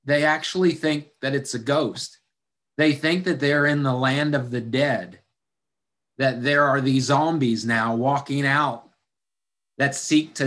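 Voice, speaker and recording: A man's voice: medium pitch, fairly bright tone. A male pastor preaching a sermon in a conversational way, acting out quoted voices with dry humor.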